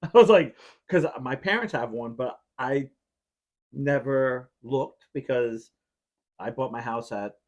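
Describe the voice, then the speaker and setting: A podcast host speaks at a medium pitch and takes his time, rambling through a long casual story. He leans heavily on "like" as filler and acts out how he reacted back then.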